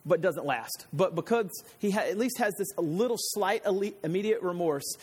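A man's voice: sits high, animated, moderate pace, slightly rough. A man preaching a casual Bible-teaching sermon, retelling scripture stories in everyday slang like a chatty storyteller. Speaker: pastor.

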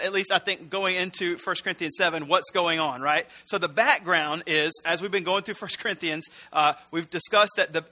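A man's voice: high-pitched, pushed and bright. A man preaching as a pastor in a conversational, earnest style, often correcting himself mid-sentence. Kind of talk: sermon.

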